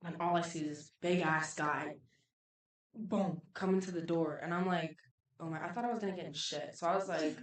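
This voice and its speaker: Woman ranting thru a wild club story, lowish voice, swears a ton, echoey room, mic kinda far. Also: a little fast. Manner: animated, profane, filler-heavy, acts out dialogue. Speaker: podcast guest, club promoter. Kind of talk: casual storytelling. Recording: roomy echo, distant mic.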